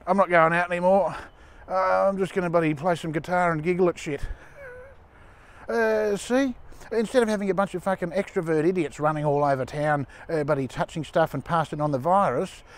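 A man's voice: sits high, lightly acted. A man with an Australian accent playing a crude, tough ex-criminal in a scripted comedy monologue, swearing heavily in a blokey drawl. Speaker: comedy character.

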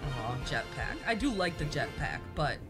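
A woman's voice: deep voice, sing-song, moderate pace. Female let's-player, bouncy intonation, jokey and casual, game music audible behind. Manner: playful, chatty, mildly profane. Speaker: gameplay commentator. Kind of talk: let's play commentary.

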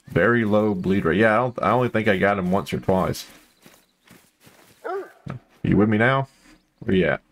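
A man giving casual, rambling commentary while playing a hunting video game, full of fillers and sudden excited outbursts. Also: low voice. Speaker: gameplay commentator.

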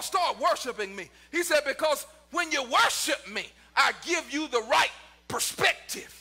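Male pastor, very high voice, piercing bright tone, shouted sung preaching, soft music behind. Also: expressive, moderate pace. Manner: preaching in rising shouts, near-sung cadences; talks to the congregation and online viewers. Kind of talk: sermon.

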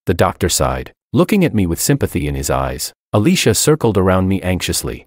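A man narrates a first-person audiobook in a deep, low voice. His pitch moves a lot across the lines, but his delivery stays dry and matter-of-fact. The recording is close and dead, with no room sound. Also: sing-song, brisk, hardly any pauses, no echo.

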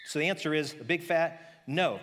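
Male pastor, sermon, lively storytelling, restarts mid-sentence, fairly high voice. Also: moderate pace, long reverb tail, slight background noise. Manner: animated storytelling, acting out voices of characters; conversational with frequent restarts.

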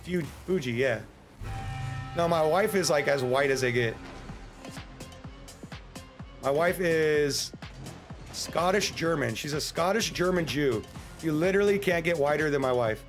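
An American man talks through a game stream in a loose, joking, rambling way and yelps with excitement at the action. His voice sits a little higher than usual for a man. Soft music plays faintly behind him. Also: measured pace, pauses often. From United States. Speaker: livestreamer. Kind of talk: casual gameplay livestream commentary.

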